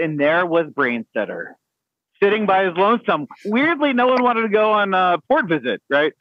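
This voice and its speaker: A man's voice: high voice, lively intonation, moderate pace, no echo, lo-fi sound. A man telling a navy story on a podcast in a rambling, laughing way, full of fillers and restarts. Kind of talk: casual storytelling among friends.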